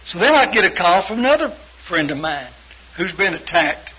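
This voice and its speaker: An older man preaching a testimony, fervent and storytelling, swinging between loud and hushed. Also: sits high, big pitch swings, moderate pace, breathy edge. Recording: dull lo-fi broadcast with faint hiss.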